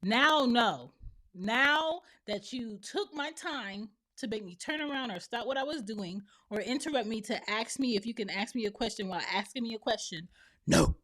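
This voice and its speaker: A woman's voice: fairly high pitch, a little fast, hardly any pauses, a bit bright. Blunt woman podcaster airing opinions. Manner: blunt and opinionated, acting out other people's lines. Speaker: podcast host and mother. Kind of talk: solo opinion monologue.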